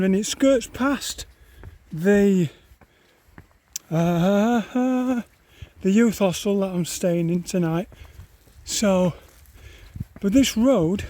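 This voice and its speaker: A man's voice: high voice, warm tone. A man vlogging as he hikes outdoors, out of breath and rambling to himself as he grumbles about the climbs. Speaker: hiker vlogger. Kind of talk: walking vlog commentary. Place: outdoors on open moorland.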